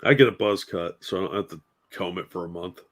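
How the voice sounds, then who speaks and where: A man's voice: deep voice, a little fast, fairly bright tone. A man on as a guest co-host of a streamed chat, laid-back and joking. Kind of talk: casual chat.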